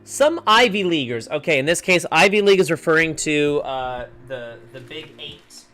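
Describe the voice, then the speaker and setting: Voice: mid-range voice, animated, moderate pace, fairly bright tone, faint music behind. A livestreamer thinking aloud while working through word clues in a puzzle game, often trailing off unsure. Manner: muses over word clues, trails off with "I don't know".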